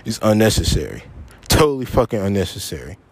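Big pitch swings mark this man's lowish, breathy voice as he speaks at a quick pace. Hosting his podcast alone, he's angry and upset, swearing a lot and repeating his points for emphasis in a frustrated rant.

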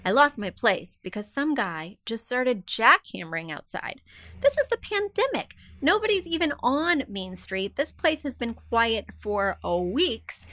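A woman's voice: fairly high pitch, big pitch swings, a little slow, fairly bright tone, dry recording. A woman hosting a design podcast, reading listener emails aloud and giving casual advice with chatty, self-deprecating asides. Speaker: podcast host, interior designer.

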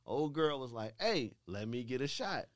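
Lively young man joking with friends. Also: mid-range voice, normal speed, no room sound, studio quality. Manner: lively, joking interjections, animated retelling. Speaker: podcast co-host. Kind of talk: casual banter.

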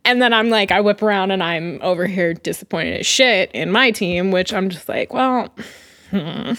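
A woman's voice: medium pitch, normal speed. A woman who is an executive pastry chef, chatting casually and animatedly, swearing and filling her talk with "like". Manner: animated, swearing, heavy use of "like". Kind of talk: casual chat.

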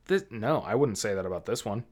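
A very animated man with a fairly low voice talks a little fast as a movie review podcast co-host. He rambles casually, restarting often and peppering his speech with likes and ums.

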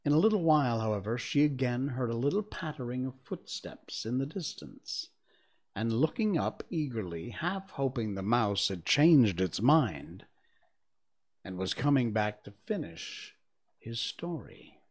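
A man hosting a casual livestream, reading a storybook aloud and then chatting with viewers. His voice swings widely in pitch, and he laughs easily between remarks. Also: sing-song, measured pace. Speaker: livestream host and reader.

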